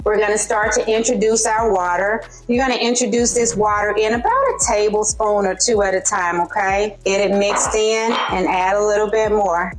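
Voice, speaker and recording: A woman's voice: medium pitch, rough recording. A woman with a Southern US accent hosting a cooking video in her home kitchen, chatting to viewers as she works and checking in with frequent okays. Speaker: cooking channel host. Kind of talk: casual cooking demonstration.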